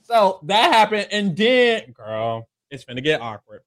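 A man casually recapping a reality show, slangy and animated, acting out quotes in campy voices. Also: high-pitched, a little slow. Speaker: podcast co-host.

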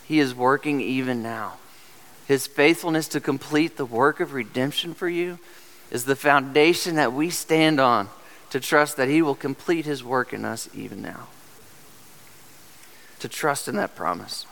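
A man's voice: medium pitch, sharp tone. A man preaching a sermon as pastor, earnest and direct, asking the congregation rhetorical questions. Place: church sanctuary. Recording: long hall reverb.

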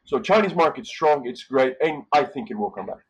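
A man's voice: medium pitch, lively intonation, a little fast, lo-fi sound. A man from Brazil, a hotel manager talking casually in an interview, rambling and repeating words as he thinks.

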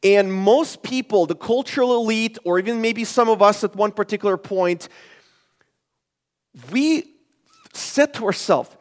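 Male pastor, very high voice, emphatic sermon delivery, long church hall reverb. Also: unhurried, pauses often. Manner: emphatic, rhetorical questions, shifts between loud and hushed. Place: church sanctuary.

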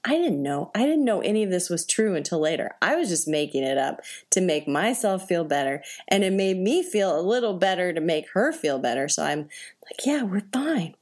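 A woman telling a personal story in a chatty, animated way, acting out voices and reactions, with many fillers. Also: fairly low pitch, moderate pace. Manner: conversational, many fillers like "like" and "right?". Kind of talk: personal anecdote told to an audience.

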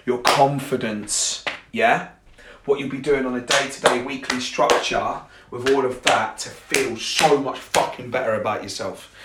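Lad coaching on a podcast, swears a lot, laughs at himself, echoey room. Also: male voice, mid-range voice, heavy background noise. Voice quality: blunt and sweary, slangy. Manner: jokey, laughs at his own lines. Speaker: fitness and confidence coach. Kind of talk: casual podcast monologue.

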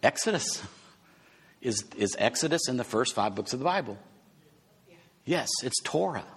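Male preacher, husky, emphatic teacher, big reverberant hall. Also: medium pitch, expressive, normal speed. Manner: emphatic teaching with rhetorical questions. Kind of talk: sermon.

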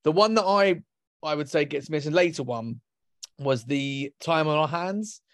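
A man's voice: a little high, unhurried, no echo, studio quality. A man in a casual podcast chat, talking in an earnest, thoughtful way.

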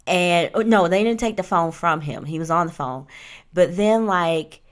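A young adult woman hosting a casual podcast who tells lively stories and acts out the quotes. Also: fairly low pitch, moderate pace. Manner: animated, acts out quotes, talks with "like" and "right?". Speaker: podcast host. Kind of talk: casual storytelling chat.

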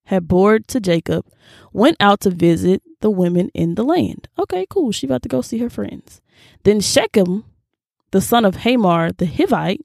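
A young woman hosting a casual Bible reading, expressive and slangy, reacting aloud as she reads. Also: mid-range voice, vocal fry, no echo, clean studio sound. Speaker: video host.

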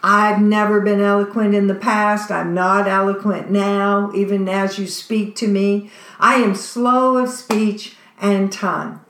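A woman's voice: mid-range voice, little pitch movement, measured pace, fairly bright tone, natural voice. A woman voicing an insecure man who pleads and whines out excuses, in a roomy space. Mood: pleading. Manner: pleading, whiny. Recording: roomy echo.

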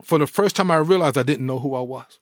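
A middle-aged man, a former pro athlete, telling his life story in a podcast interview with animated, preacher-like energy. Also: medium pitch, quick pace, no echo, studio quality. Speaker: guest, former pro football player.

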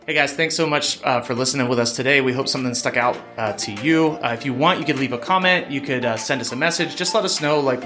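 A man hosting a podcast, reading Bible passages aloud in a plain, steady voice. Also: medium pitch. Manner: plain steady narration, casual with fillers in sign-off. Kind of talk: scripture reading.

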